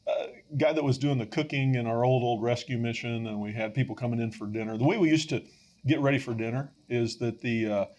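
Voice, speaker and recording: A man's voice: medium pitch, fairly quick. Middle-aged man telling a story. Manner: animated storyteller, many fillers and restarts. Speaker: podcast host and rescue mission leader. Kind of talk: conversational storytelling podcast.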